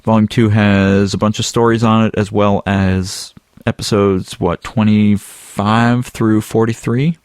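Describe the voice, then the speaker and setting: A man co-hosting a podcast, relaxed and chatty with plenty of ums and uhs. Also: fairly low pitch, a little slow, few pauses, clean tone, no room sound, clean studio sound. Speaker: podcast co-host. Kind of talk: casual podcast chat.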